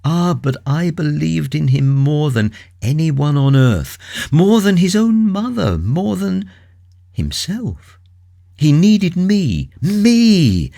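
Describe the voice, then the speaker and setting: A male narrator puts on a heartbroken young woman, devoted and grieving, her pleading voice trembling and breathy as it climbs high. The lines swing widely in pitch and come slowly, each one drawn out. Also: wildly swooping pitch, a little mellow, full character voice.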